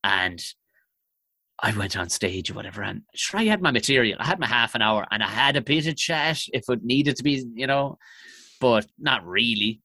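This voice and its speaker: A man's voice: medium pitch, animated, normal speed, pushed and bright, no room sound. A young man, telling comic stories in a profane, self-mocking way on a podcast. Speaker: comedian guest. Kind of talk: storytelling podcast chat.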